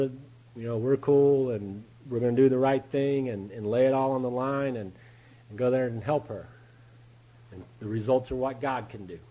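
Husky man telling a candid recovery story. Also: medium pitch, dark tone, low-quality recording. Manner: candid, storytelling, chuckles often. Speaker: recovery meeting speaker. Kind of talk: personal testimony talk.

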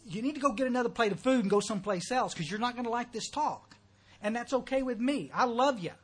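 A man's voice: high-pitched, a bit bright, husky. A man with a thick Texas accent giving a blunt, folksy, joking talk at a recovery meeting.

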